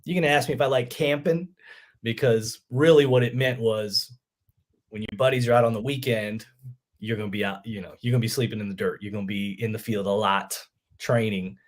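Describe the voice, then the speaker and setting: A man's voice: lowish voice, fairly quick. A middle-aged army veteran telling his story casually in an interview, peppering it with "man" and acting out what others said. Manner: animated, acts out quoted voices, lots of "man". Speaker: podcast guest, army veteran.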